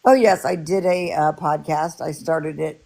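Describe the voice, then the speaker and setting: A woman talking casually in a live stream, telling her story in halting bursts with many restarts. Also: deep voice, creaky, mellow. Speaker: podcast host and widow.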